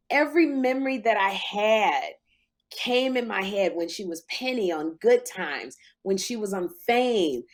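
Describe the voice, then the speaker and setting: A woman in her fifties, a talk show host, telling an emotional story in casual podcast chat, jumping high in pitch when she quotes herself. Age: 50s.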